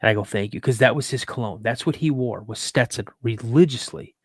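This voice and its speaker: An earnest man recounting a personal experience, halting and restarting as he holds back his emotions. His voice sits in an ordinary middle register. The recording is close and dry, with no echo. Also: mid-range voice. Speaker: guest telling a personal story.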